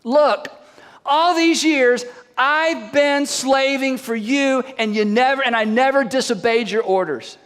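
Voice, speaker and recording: A man's voice: sits high, expressive, a little fast, a bit bright. A man acting out the part of a resentful, dutiful older brother within a story, speaking in an aggrieved tone. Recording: long hall reverb.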